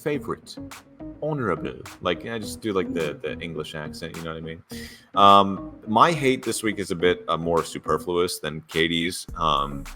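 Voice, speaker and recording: A man's voice: low voice, normal speed, over music. A man co-hosting a sports podcast, telling stories in casual chat and acting out the dialogue. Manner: animated storyteller, acts out dialogue. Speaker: podcast co-host.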